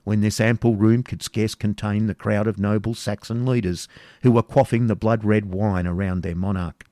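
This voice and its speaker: A man's voice: fairly low pitch, steady tone, moderate pace, warm tone, dry recording, lightly acted. A man voicing a proud, brooding old Saxon lord with a stately, declaiming manner in an audiobook reading, dry and close.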